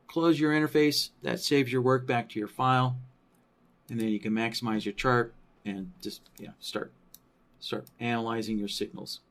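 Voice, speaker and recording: A man teaching trading software in a screen-recorded tutorial, thinking aloud with many fillers and a habitual "right?" after his points. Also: mid-range voice. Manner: thinking aloud, frequent tag question "right?"; many fillers like "you know" and "um".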